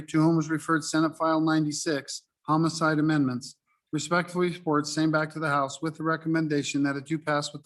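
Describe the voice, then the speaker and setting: A man serving as reading clerk, reading bill titles and committee reports in a steady, listing manner. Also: fairly high pitch. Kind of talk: formal reading aloud. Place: legislative chamber.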